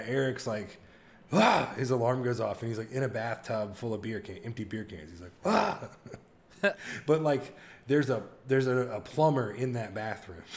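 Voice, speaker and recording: Brief: male co-host, mid-pitched, animated storyteller, casual chat. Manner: excited storytelling with laughs and impressions. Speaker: podcast co-host.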